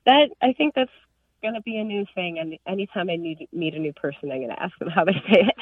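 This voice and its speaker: A woman from northern Illinois calling a radio show, eagerly telling a story in an animated way. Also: fairly low pitch, fast, no room sound. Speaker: caller. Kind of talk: phone call to a radio show. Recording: tinny distant phone line.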